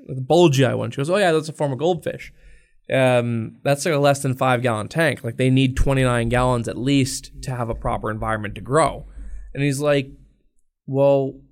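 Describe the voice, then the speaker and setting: Give me a young man venting with a casual curse-laden story, imitating the people he talks about. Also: mid-range voice. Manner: profane, exasperated storytelling, acts out customers. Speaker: podcast co-host. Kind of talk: casual podcast chat.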